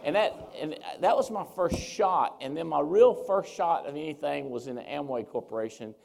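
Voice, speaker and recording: A man giving a seminar talk as a speaker, telling his story with lively, animated swings as he acts out what people said. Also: on the high side, normal speed, gravelly. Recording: reverberant hall.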